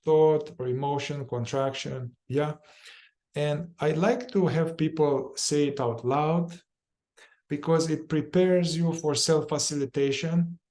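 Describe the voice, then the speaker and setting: A man's voice: on the high side, fairly even intonation, a little mellow. A man leading a guided somatic therapy group, talking informally, repeating phrases and sometimes swearing. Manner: informal and repetitive, acts out inner voices with quick chanted phrases and swearing.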